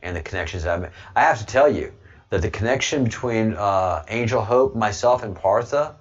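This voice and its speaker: A man's voice: lowish voice, expressive, moderate pace, dull audio. A man hosting a livestream, talking casually to viewers in a rambling way with frequent restarts. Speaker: livestream host.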